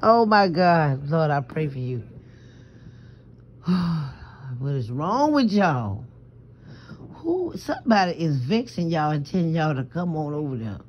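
A woman from New Orleans speaks a little slowly with long pauses, her low-pitched voice very animated, as she vlogs from bed at night. Rambling and stammering, she's emphatic and swears freely in this confessional. Her phone audio is muffled and lo-fi, with a slight hiss or hum.

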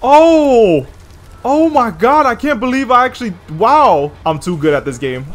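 A gamer giving loud let's play commentary, exclaiming, swearing and laughing often, with faint game music behind. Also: medium pitch, sing-song, unhurried.

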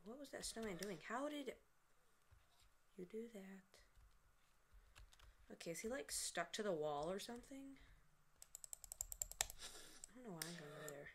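An American woman hosts a gaming video, giving chatty, casual let's-play commentary at her computer and often slipping into playful murmurs and whispers. Her medium-pitched voice has lively intonation at a moderate pace with frequent pauses, over a slight hiss or hum and faint keyboard and mouse clicks.

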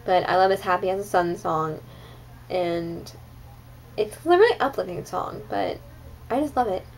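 A woman's voice: fairly low pitch, big pitch swings, normal speed, a little hiss or hum, poor audio. A young woman vlogging her monthly favorites in a chatty, gushing way, full of "like" and "um". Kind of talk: casual monthly favorites chat.

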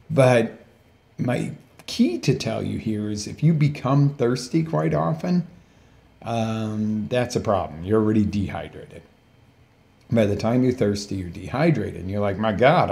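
A man's voice: on the low side, gravelly, dark tone. A man hosting a live health coaching show, chatty, peppering the viewers with questions and correcting himself as he goes. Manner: chatty, asks the audience many questions, self-corrects. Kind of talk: casual live-stream talk.

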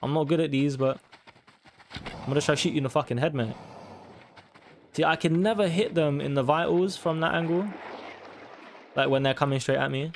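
A young man giving casual, sweary commentary on a hunting game and taunting the animals loudly. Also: on the high side, moderate pace, pauses often, a little hiss or hum. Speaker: gaming YouTuber.

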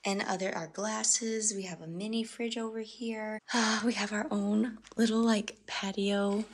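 A woman's voice: mid-range voice, fairly even intonation, measured pace. Bubbly young woman vlogging. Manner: chatty, bubbly, lots of "like". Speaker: travel vlogger. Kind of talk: casual vlog narration. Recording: outdoor vlog with clear background noise.

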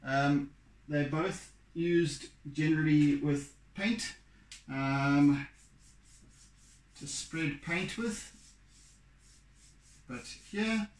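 A man thinking aloud as he demonstrates a drawing, musing and halting, with plenty of fillers. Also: a little high. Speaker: art teacher. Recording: roomy room echo.

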